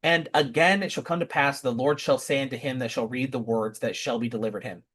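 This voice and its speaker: A man's voice: mid-range voice, fairly even intonation, fairly quick, fairly bright tone, slightly rough. A man giving impassioned scripture commentary, emphatic and repeating rhetorical questions. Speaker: scripture teacher.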